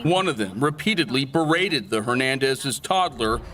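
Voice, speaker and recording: Bright, crisp male news reporter. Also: medium pitch, expressive. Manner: measured, formal delivery. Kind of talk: scripted news narration.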